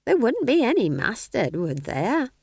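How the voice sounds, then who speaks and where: A woman's voice: on the high side, huge pitch swings, unhurried, gravelly, darkish tone, husky, no echo, clean studio sound, voice pushed up, heavily acted. A woman doing a cheeky, earthy old witch. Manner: chatty, blunt and cheeky. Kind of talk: audiobook character voice.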